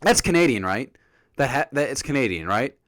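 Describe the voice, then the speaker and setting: A man talks through a TV episode in a casual review vlog, jokey and animated, often slipping into the characters' lines. His pitch swings widely from line to line. The sound is close and dry, with no room echo. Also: a little fast.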